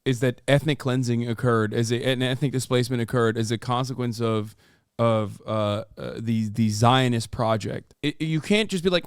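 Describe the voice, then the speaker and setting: A man's voice: mid-range voice, moderate pace, smooth, no echo, clean studio sound. A man streaming reaction commentary, heated and sarcastic, swearing often.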